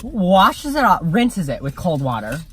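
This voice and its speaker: A woman's voice: lowish voice, very animated, a little slow, a bit bright, breathy edge. A teenage girl in casual chat, trash-talking and laughing as she tells a story. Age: teens. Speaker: vlog co-host. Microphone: car camera.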